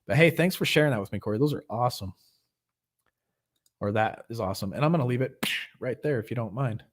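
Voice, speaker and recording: A man's voice: medium pitch, lively intonation, quick pace. Earnest man hosting a recovery meeting. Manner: earnest, loose and conversational, leads group prayer. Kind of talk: casual livestream meeting talk. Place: home, livestream.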